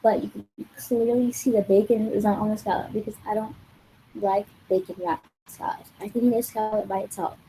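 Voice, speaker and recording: A woman vlogger rambles through an exasperated storytime rant, her tone mellow and warm. She peppers every sentence with swearing and "like." A faint hiss sits under the recording. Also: medium pitch, steady tone, brisk, rough recording. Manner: rambling and profane, heavy use of "like".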